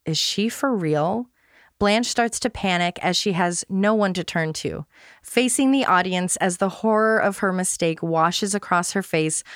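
A woman's voice: medium pitch, clean tone, dry recording, clean studio sound. A woman podcast host reading a scripted scene recap aloud, with playful, self-deprecating humor.

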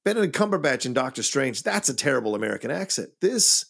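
A man's voice: mid-range voice, sing-song, quick pace, gravelly, fairly bright tone. A man co-hosting a film podcast and working as a voiceover artist, giving emphatic opinions in casual talk. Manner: laughs often, emphatic opinions.

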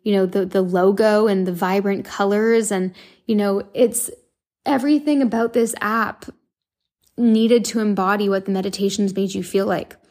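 A woman's voice: mid-range voice, fairly even intonation, normal speed, darkish tone. A young woman hosting her own show, talking casually and earnestly with lots of fillers and restarts. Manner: chatty, earnest, filler-heavy with frequent likes and restarts. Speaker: podcast host and meditation app founder. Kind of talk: casual monologue.

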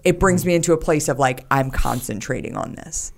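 Low-voiced, candid woman. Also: fairly quick, gravelly, a little mellow. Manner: candid, talks openly about her anxiety with many fillers. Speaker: podcast guest. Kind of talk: casual conversation.

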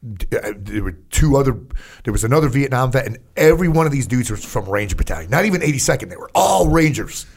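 An older man, an army veteran, telling stories in a casual interview, profane and animated, full of fillers. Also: medium pitch, fast, slightly rough.

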